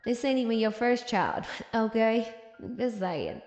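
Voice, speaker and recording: A woman with a high, bright voice chats through a comic recap in an animated, sassy way, teasing the characters as she goes. Her voice rings in an echoey room with a long reverb tail, and faint music sits underneath. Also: measured pace, muffled recording. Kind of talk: casual comic review commentary.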